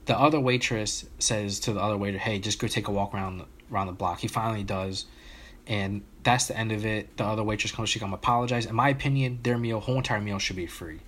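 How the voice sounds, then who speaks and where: A man's voice: fairly low pitch, steady tone, fast, fairly bright tone. A man telling a long story in casual chat among friends on a podcast, with frequent restarts and fillers.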